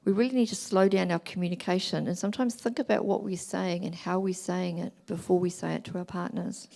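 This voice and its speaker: Middle-aged New woman, speaker at a church family weekend, lower register, gravelly edge. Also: steady tone, brisk. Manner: gentle, explanatory, acts out examples in quoted voices. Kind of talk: talk.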